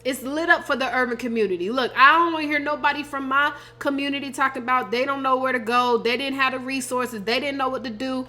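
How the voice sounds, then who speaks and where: A woman host, pumping up her audience about an upcoming conference in an energetic promotional pitch. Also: fast, few pauses. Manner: hyped, emphatic, addresses audience as y'all.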